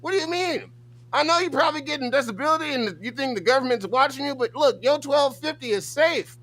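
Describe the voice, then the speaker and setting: A man co-hosting a livestream, reacting with loud, profane, mocking rants. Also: very high voice. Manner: loud, mocking and rapid-fire. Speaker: co-host.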